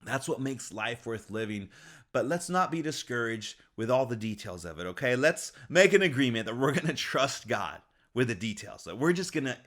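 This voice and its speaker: A man giving an encouraging, motivational faith talk, upbeat and quick to laugh. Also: medium pitch, sing-song, fairly bright tone. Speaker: faith speaker.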